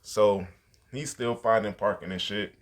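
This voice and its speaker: Deep-voiced man telling a story casually. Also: measured pace. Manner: laid-back, slangy, rambling with fillers. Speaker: podcast host.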